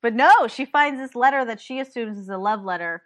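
A woman co-hosting a casual podcast, recapping a movie with lots of laughter and lively retelling. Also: a little high, brisk. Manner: animated, laughs often, acts out lines from the film. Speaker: podcast co-host.

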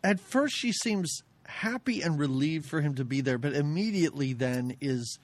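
A woman's voice: sits low, expressive, normal speed, no echo. Woman, podcast co-host, casual movie recap, wry, laughs often, dry close sound.

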